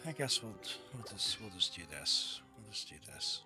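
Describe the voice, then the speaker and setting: A man's voice: lowish voice, sing-song, normal speed, bright, forceful tone, soft background music. A young man streaming live, reviewing a viewer's game account in a mock-stern, exasperated way and laughing often.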